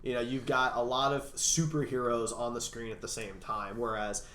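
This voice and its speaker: A man's voice: mid-range voice, level tone, normal speed, a bit bright. A man hosting a casual panel podcast. He steers the talk and laughs easily. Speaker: podcast host. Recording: roomy echo.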